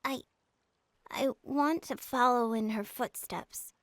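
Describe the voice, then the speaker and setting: A woman's voice: on the high side, takes it slowly, no room sound, clean studio sound. A woman voicing an earnest, dutiful eleven-year-old girl in a video game. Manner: earnest, then firm and commanding. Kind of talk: game voice acting.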